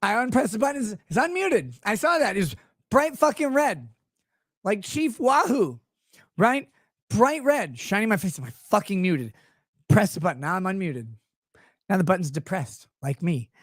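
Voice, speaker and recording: Sitting high and very animated, this show host's voice runs at normal speed with a slightly bright tone as he delivers a rambling, sarcastic, foul-mouthed livestream rant. His desk streaming mic yields clean studio audio with no echo.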